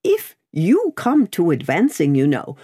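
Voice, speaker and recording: Brief: a careful, polite old clerk, read by a woman in a low, lively voice. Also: measured pace, husky, full character voice. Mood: polite, firm. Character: fussy, mild older male bank clerk. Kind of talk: audiobook character voice.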